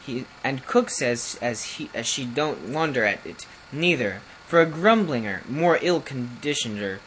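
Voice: medium pitch, animated, a little slow, fairly bright tone, a little hiss or hum, poor audio. A reader voicing a nervous, bumbling under butler who speaks in broken rustic grammar and stumbles over words in a storybook reading. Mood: nervous storytelling.

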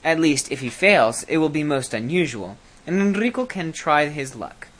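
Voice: medium pitch, big pitch swings, moderate pace, a bit bright. A storybook reader voicing a lazy, smug young prince who speaks with prim, lecturing politeness.

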